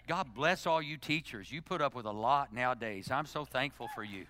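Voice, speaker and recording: Bright-voiced man preaching animatedly. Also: on the high side, a little fast, few pauses, no echo. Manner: animated preaching, climbing to loud emphasis then dropping to hushed, intimate prayer. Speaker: pastor. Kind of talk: sermon.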